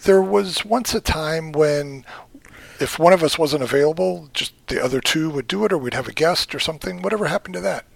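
A male co-host with a gravelly, husky voice who teases his friends with dry one-liners. His voice is recorded close and dry. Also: fairly high pitch, brisk, no echo. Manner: dry, teasing interjections. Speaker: podcast co-host. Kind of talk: casual podcast banter.

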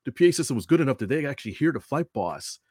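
A man's voice: mid-range voice, sing-song, very fast, darkish tone, breathy edge, dry recording, clean studio sound. A man telling a casual story about announcing at a model airplane show. He rambles, corrects himself often and chuckles as he goes.

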